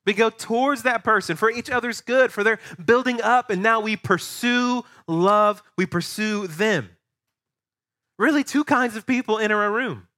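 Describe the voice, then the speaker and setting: A man, a pastor preaching a sermon to his church, animated and acting out voices of the people he describes. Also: high-pitched, normal speed. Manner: animated, acts out quoted voices. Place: church sanctuary.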